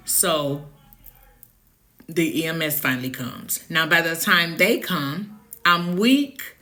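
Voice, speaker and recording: A woman in a casual storytime vlog, her voice bright and forward but sitting low for a woman. She tells her story with lively, emphatic energy. She jumps up sharply when indignant and sinks to a near-hush for the tense moments. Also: slow pace, pauses often. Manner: uses colloquial slang.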